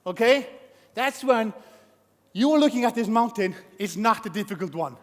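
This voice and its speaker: High-voiced male speaker in an echoing hall. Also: moderate pace. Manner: energetic, shouts to rouse the crowd, acts out voices. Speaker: motivational speaker. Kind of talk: motivational stage talk. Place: large conference hall. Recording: long hall reverb.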